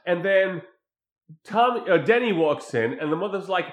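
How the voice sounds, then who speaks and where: A man casually recapping a film's plot, animated, often acting out quoted lines. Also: sits high, normal speed, roomy sound, lo-fi sound. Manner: animated retelling with acted quotes. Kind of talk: casual film recap chat.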